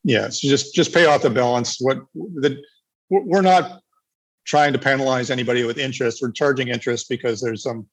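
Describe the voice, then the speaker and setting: A man's voice: mid-range voice, moderate pace, slightly rough, poor audio. A man from Canada answering questions casually in a webinar, rambling with many restarts. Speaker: eco village developer.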